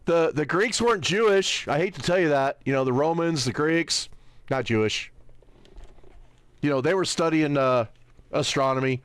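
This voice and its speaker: A man with a somewhat high voice gives slow, sarcastic livestream commentary, his pitch swinging widely as he mocks and quizzes an unseen audience. The sound is dry and close, with no room around it. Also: lively intonation, clean tone, no room sound. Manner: sarcastic, mocking, keeps asking "right?"; squints at small text, reads aloud haltingly. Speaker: livestream host. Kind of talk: livestream commentary while browsing.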